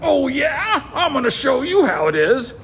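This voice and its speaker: A man voicing a temperamental ancient king who begs in a low, whiny voice and then shrieks in anger. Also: a little fast. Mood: furious. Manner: whiny pleading, then shrill shouting. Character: temperamental ancient king, grown man, swings from pleading to rage.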